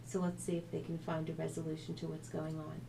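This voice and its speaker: A woman's voice: low-pitched, completely flat delivery, fast, gravelly, background noise. A woman, the author and radio host, reading a family story aloud and adding her own commentary.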